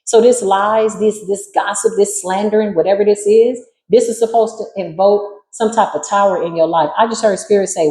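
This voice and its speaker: Woman tarot reader, sassy and emphatic, mid-pitched voice in a roomy, echoing space. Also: steady tone, normal speed, hardly any pauses, mellow. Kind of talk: spiritual tarot reading.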